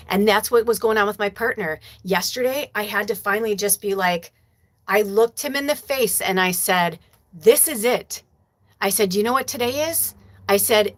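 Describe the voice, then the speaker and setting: Casual, emotional woman spiritual host, blunt and profane, medium pitch. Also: a bit bright. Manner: reads viewer comments aloud. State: tearful at times. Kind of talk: casual livestream chat.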